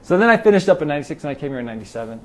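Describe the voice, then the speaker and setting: A man's voice: a little high, racing, slight background noise. A middle-aged man from Los Angeles, a triathlon club president, telling stories in a casual interview and acting out the dialogue. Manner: animated storyteller acting out quoted dialogue. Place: garage.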